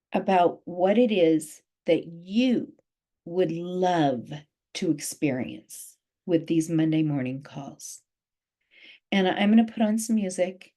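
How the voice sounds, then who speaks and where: A woman's voice: lowish voice, warm tone. Emphatic woman life coach on a call. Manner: emphatic, repeats key phrases. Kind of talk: motivational talk on a group call.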